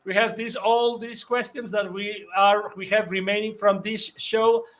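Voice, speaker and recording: Male host, effusive and repetitive, fairly high pitch. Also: little pitch movement, a little slow, fairly bright tone. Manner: effusive, repeats himself, restarts often. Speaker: show host. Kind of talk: live show sign-off, reading viewer messages.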